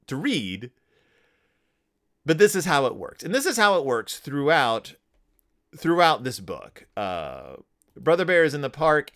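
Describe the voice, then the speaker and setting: Lively, animated man discussing a picture book. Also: on the high side. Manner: lively, halting with many restarts and fillers. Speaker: podcast host.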